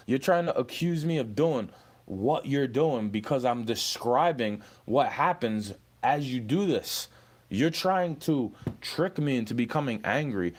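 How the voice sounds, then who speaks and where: A young man ranting at a commenter, profane and confrontational, repeating "bro" as he lectures and threatens. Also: mid-range voice. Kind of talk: angry rant at a commenter.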